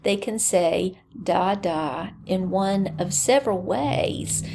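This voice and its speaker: Female lecturer, unhurried and explanatory, with noticeable vocal fry. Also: mid-range voice, a little mellow, faint music behind. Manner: explanatory, with fillers. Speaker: teacher. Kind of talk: recorded lecture.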